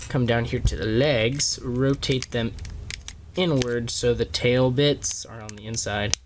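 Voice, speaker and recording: A man reviewing a toy in a slow, unhurried way, stopping often to correct himself and filling gaps with ums. His voice sits at an ordinary middle pitch, and a steady noise hum runs under the home recording. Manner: halting, many fillers and self-corrections. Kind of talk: casual toy review and transformation walkthrough. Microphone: camera on a small tripod.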